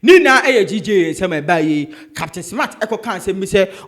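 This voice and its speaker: A man narrating a news recap as a voice-over in an emphatic, excitable way. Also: high-pitched, moderate pace, hardly any pauses. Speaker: channel narrator.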